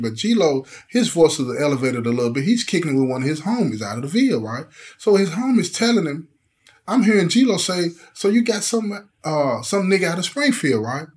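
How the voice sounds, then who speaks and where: Slangy man telling a prison story. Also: fairly high pitch. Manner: conversational, frequent "you know what I'm saying", slang. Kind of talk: casual storytelling.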